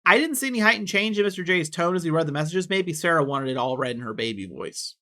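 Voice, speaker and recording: A man reading court records aloud with casual commentary, quick and offhand, dropping in personal asides. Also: fairly high pitch, expressive, sharp tone.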